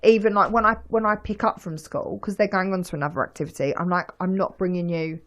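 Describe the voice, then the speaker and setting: A woman's voice: medium pitch, fast talker, fairly bright tone. A woman, co-hosting a casual parenting podcast and chatting about family life. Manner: chatty, quotes people in put-on voices. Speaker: podcast co-host. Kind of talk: casual chat.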